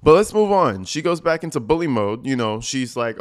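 A man's voice: medium pitch, sing-song, moderate pace. A man giving casual, sarcastic commentary over video clips, crude and mocking in his asides. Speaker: commentary vlogger.

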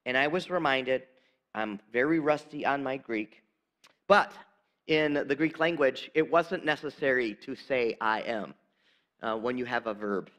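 Man, pastor, sermon in church, conversational, soft emphasis. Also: mid-range voice, unhurried. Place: church sanctuary.

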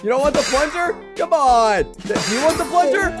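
A man doing excitable, giggly let's-play commentary, talking to his viewers as he plays. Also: very high-pitched, slow, long pauses. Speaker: gaming YouTuber. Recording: game music playing behind.

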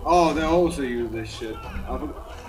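A man giving excitable gameplay commentary, swearing often and yelling at enemies. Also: mid-range voice, moderate pace, distant mic, over music, poor audio. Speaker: gaming channel host.

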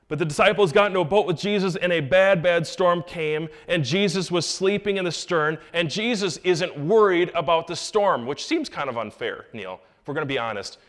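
Animated man preaching a sermon. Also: normal speed, few pauses. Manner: animated, swings from low asides to loud raised lines; jokey asides to the congregation. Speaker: pastor.

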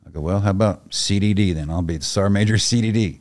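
A man's voice: lowish voice, fast, darkish tone. A middle-aged man, a retired soldier, telling a story as a podcast guest in a blunt, profane, casual way and acting out the other voices in it. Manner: blunt, profane, acts out the voices in his stories.

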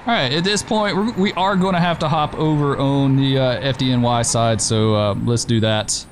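A man's voice: medium pitch, normal speed, a little hiss or hum. A man casually commenting while playing a driving and emergency game, chatty, laughing easily and talking back to the drivers on screen. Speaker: gameplay streamer.

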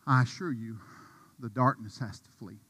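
A man preaching a sermon with passion, dropping to a hush and rising to a shout. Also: mid-range voice, moderate pace, slightly rough, in a large hall. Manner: impassioned, swings from hushed to shouting. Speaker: pastor.

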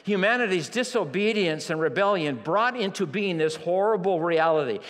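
A man delivers a sermon with dramatic force, dropping to hushed near-whispers and then rising to full shouts. His voice sits a little high for a man, and he leans hard on repeated words. The sound carries the long reverb of a big church hall. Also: expressive. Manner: slow, emphatic phrasing with repeated key words. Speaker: preacher. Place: church sanctuary.

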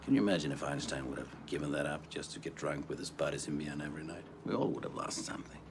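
An actor playing an impassioned middle-aged professor, making an urgent, hushed case in film dialogue. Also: male voice, extremely low pitch, fast, background noise. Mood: insistent. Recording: film audio under music.

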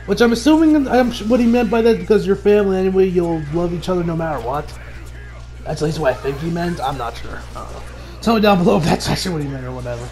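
High-pitched guy doing an animated episode recap, laughs a lot, little bit of music under him. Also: brisk. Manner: animated, laughs often, acts out characters' lines. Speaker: anime reviewer. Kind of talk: casual recap.

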